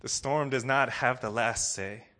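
A man preaching a sermon to a congregation, earnest, dropping to soft low lines and rising to loud ones. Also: steady tone, a little slow. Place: room with a congregation.

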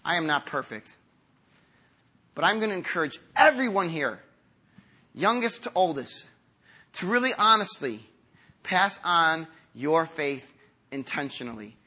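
A man in his fifties preaching a sermon to a congregation, earnest and conversational, moving from quiet, slow lines to emphatic ones. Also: a little high, big pitch swings, slightly rough. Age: 50s. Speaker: pastor.

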